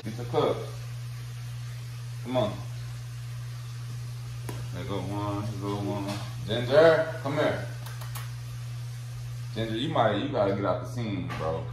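A man's voice: fairly low pitch, expressive, takes it slowly, pauses often. A young man hosting a casual home vlog, playfully coaxing kids and dogs and laughing often. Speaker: vlogger. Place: home kitchen. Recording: noisy home recording.

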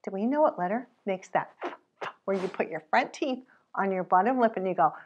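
Animated sing-song storytime lady. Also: mid-range voice, fairly quick, husky, highs cut off. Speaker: children's storytime host. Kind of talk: preschool storytime with rhymes. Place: library storytime.

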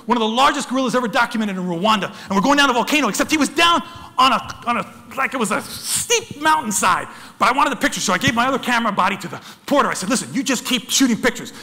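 Speaking in a high, bright, forceful voice, an American man presents a wildlife photography talk full of dramatic tales, imitating sounds and voices while calling his audience folks. There's a long reverb from the hall.

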